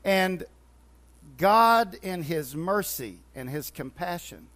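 A man's voice: high-pitched, expressive, takes it slowly, a bit bright. A man teaching from the Bible, retelling scripture stories with quoted dialogue and frequent restarts. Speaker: preacher.

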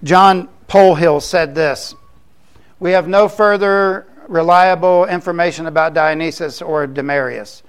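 A man's voice: on the high side, unhurried, smooth. An older man from Florida, preaching a sermon in a conversational way, with joking asides. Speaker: pastor.

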